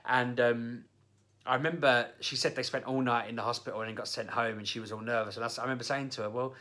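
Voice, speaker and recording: A man's voice: mid-range voice, fast. A young man casually telling rambling personal stories to camera, with lots of fillers. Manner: rambling, animated anecdotes with fillers. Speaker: vlogger.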